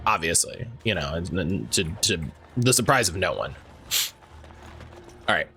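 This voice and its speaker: A man's voice: sits low, expressive, unhurried, sharp tone, soft background music. A man casually commentating while livestreaming a game, rambling and chatty and laughing easily. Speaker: livestream gaming host.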